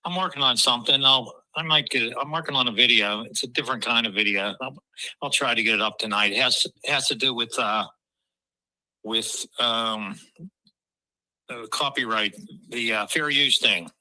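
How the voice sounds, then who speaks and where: A man calling in to a livestream, talking in a halting, easygoing way. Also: medium pitch, sharp tone, dry recording, poor audio. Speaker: caller and video creator. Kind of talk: casual phone chat.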